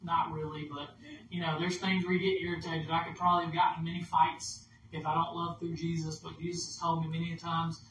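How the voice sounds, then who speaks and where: A man's voice: on the high side, completely flat delivery, brisk. A man preaching a casual, conversational sermon as minister, acting out inner dialogue and leading prayer. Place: church hall. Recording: echoey room, distant mic, background noise.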